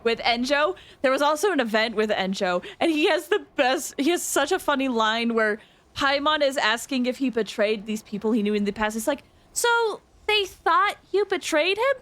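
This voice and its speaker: A woman streaming a video game, commenting live in a gushing, excitable way, squealing and shouting with delight. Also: a little high, a little fast.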